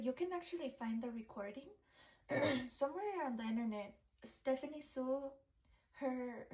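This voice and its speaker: A woman's voice: on the high side, echoey room, low-quality recording. A woman podcast host telling a story in a casual, blunt way, swearing and adding dramatic asides.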